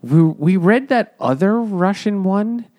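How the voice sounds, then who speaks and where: A man with a mid-pitched, very lively voice, recorded dry and close, giving earnest opinions about books. He is a regular co-host in a loose, joking conversation. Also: takes it slowly, no echo. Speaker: podcast co-host. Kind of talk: casual comedic book chat.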